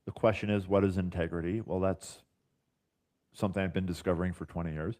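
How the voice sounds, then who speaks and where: A man chatting as a podcast guest, telling stories in an animated way. He acts out what others said to him and leans on casual fillers as he talks. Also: sits low, fairly quick. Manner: animated, acts out quoted dialogue; uses fillers like "like" and "you know". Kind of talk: casual storytelling chat.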